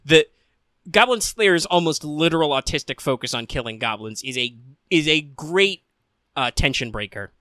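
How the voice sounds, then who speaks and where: Bright-voiced young man, casual and profane. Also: a little high, moderate pace, dry recording. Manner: rambling, swears a lot, deadpan quotes. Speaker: podcast co-host. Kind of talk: casual anime discussion.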